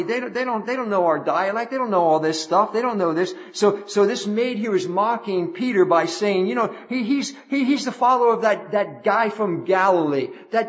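A man's voice: high voice, highs cut off. A man preaching a sermon, emphatic and repetitive, often restarting his phrases.

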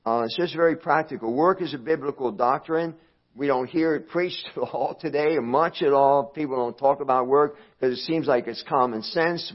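A man's voice: mid-range voice, highs cut off. A man as pastor preaching a plain, practical sermon, leaning on repetition for emphasis and dropping frequent fillers.

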